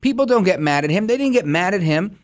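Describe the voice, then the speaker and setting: Sarcastic, high-voiced male commentator. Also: lively intonation, fast talker. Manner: combative and sarcastic. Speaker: political talk show host. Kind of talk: opinionated political commentary.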